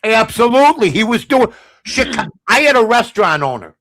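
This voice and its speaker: A male sports talk host with a high-pitched voice, recorded close and dry. He is blunt and sarcastic. He drops to low mutters, then bursts out loud. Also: sing-song, fairly quick, no echo. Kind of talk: opinionated sports talk rant.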